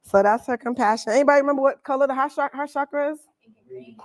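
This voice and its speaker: A woman coaching a live Reiki workshop, chatty and quick to laugh, with casual slang as she walks a group through a demonstration. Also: sits high, no echo. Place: workshop room with an audience.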